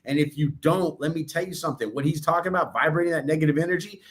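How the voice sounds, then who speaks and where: A man co-hosting a podcast, telling stories with high energy and acting out what other people said. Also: quick pace, fairly bright tone. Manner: high-energy storytelling, acts out others' lines. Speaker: podcast co-host. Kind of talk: casual podcast chat.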